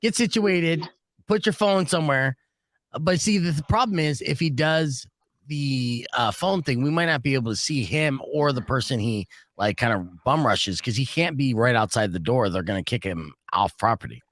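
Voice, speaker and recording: A man hosting a radio morning show in a studio, chatting casually, swearing, and jumping up in pitch when he gets worked up. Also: moderate pace, a bit bright, dry recording. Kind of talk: casual on-air banter.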